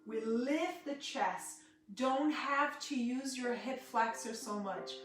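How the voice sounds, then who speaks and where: Slow, soft-spoken yoga teacher woman. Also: fairly high pitch. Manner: soft, slow cueing with chatty asides to viewers. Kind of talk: live-streamed gentle yoga class. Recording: echoey room, voice from a distance, guitar music behind.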